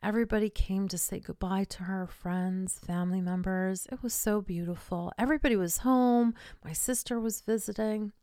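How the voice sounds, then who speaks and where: A woman's voice: medium pitch, fairly even intonation, normal speed, hardly any pauses, dark tone, no echo, studio quality. An older woman hosting a podcast, telling a personal story with feeling and sometimes dropping to a whisper. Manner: emotional, drops to whispers in tender moments. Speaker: podcast host.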